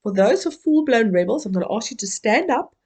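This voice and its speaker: A woman's voice: fairly high pitch, very animated, fast talker, darkish tone, husky. A woman from Africa, giving an interactive keynote and playfully coaxing the audience to join in. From South Africa. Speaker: keynote speaker.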